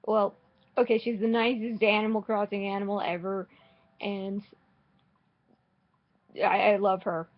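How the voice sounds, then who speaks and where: A woman rambles through casual commentary on her game, dry and sarcastic, with blunt swearing and frequent false starts. She talks at an unhurried pace. The recording is a little dull and lo-fi, like a cheap home microphone. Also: mid-range voice, level tone. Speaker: gaming vlogger.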